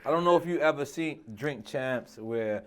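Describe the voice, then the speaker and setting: A man from Queens, New York, talking as an interview guest in an excitable, emotional way and laughing often. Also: medium pitch, normal speed, clear, resonant tone. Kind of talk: casual interview chat.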